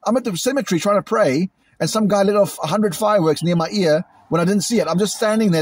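A British man venting angrily in a vlog, repeating himself and imitating loud bangs, recorded outdoors. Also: high voice, fast, music in the background. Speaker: vlogger. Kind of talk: agitated monologue to camera. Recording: outdoors in a cemetery.

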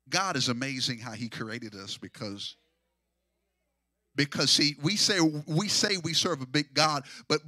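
A man a sermon as pastor, shouting and half-singing in rising waves and repeating phrases to draw responses. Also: a little high, no room sound, clean studio sound. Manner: shouting, sing-song preaching with repetitions.

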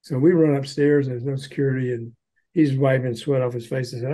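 Older man, storyteller, interview guest, mellow, acts out quotes. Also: medium pitch, fairly quick, low-quality recording. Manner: animated anecdote-telling, acting out quotes. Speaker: author and former record promoter.

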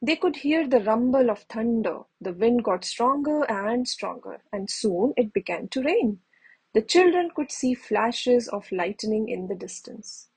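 Brief: woman narrator for a kids' storybook, very breathy, slightly high voice. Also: a little mellow, low-quality recording. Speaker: storybook reader. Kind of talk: bedtime story read-aloud.

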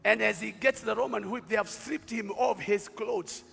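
High, gravelly Kenyan preacher in a hall. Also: male voice, normal speed. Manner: dramatic preaching that swings from quiet storytelling to shouting. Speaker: bishop. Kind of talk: sermon. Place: large hall at a live church event. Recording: live hall recording with long reverb and faint music.

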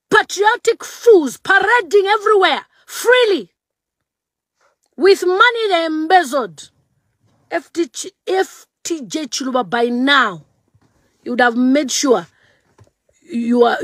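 A woman from Zambia, high-pitched and unhurried, lecturing and scolding her target in a vlog rant. She mocks with repeated phrases and lets her lines land slowly. The sound is dry and close. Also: a bit bright, no room sound. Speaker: vlogger. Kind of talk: angry political rant to camera.

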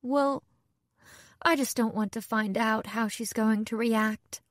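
A woman's voice: fairly high pitch, steady tone, slow, no echo, studio quality. A woman voicing a tired, anxious young bride who speaks hesitantly. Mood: weary.

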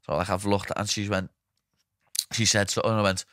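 A young man with a Liverpool accent spins animated stories in a casual podcast chat, slipping into the voices of the people he quotes. His voice sits fairly low, and the sound is dry and close. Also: fast talker, long pauses, no echo. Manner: animated anecdotes, swears freely, acts out quotes. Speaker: podcast host.

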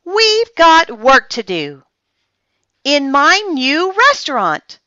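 A woman's voice: huge pitch swings, slow pace, pushed and bright, no room sound, full character voice. A woman voicing an eager, bossy young girl in a read-aloud storybook. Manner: eager, commanding, high and bouncy. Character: bossy energetic young girl running a stand. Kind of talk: storybook character voice. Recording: dull dry lo-fi sound.

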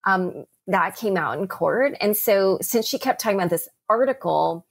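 A woman's voice: medium pitch, lively intonation, normal speed, creaky. A woman hosting an interview podcast, talking casually and hesitantly, searching for words. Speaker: podcast host.

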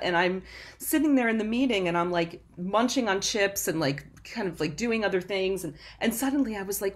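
A woman guest on a podcast, telling her story in a rambling, self-interrupting way and laughing often. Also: medium pitch. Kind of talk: casual interview chat.

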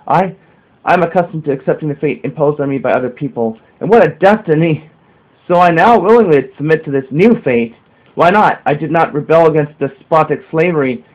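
A man reading the part of a gentle, loving male teacher in an earnest, measured way. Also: fairly high pitch, close to an everyday voice. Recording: narrow phone-like sound.

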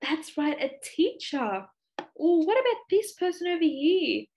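A young Australian woman leading a children's lesson, speaking in a slow, exaggerated sing-song way for little ones. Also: very high voice, sing-song, darkish tone. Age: young adult. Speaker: speech clinic presenter.

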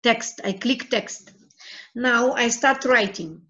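Woman teacher, slightly high voice, slow and halting screencast walkthrough, dull lo-fi sound. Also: a bit bright. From Russia. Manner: slow, halting, repeats her words as she clicks through steps. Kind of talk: screencast tutorial.

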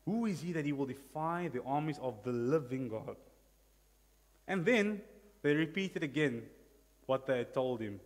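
A South African pastor preaching an animated sermon, often calling out hallelujah and amen. His voice sits fairly high for a man and carries through the long reverb of a church hall. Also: normal speed. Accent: South African English.

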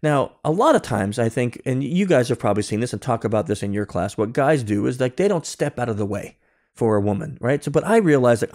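A man's voice: mid-range voice, expressive, a little fast, a little mellow. A man telling a personal story as a podcast guest, acting out dialogue with many restarts, recorded over a remote call. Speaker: guest, security consultant. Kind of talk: conversational storytelling.

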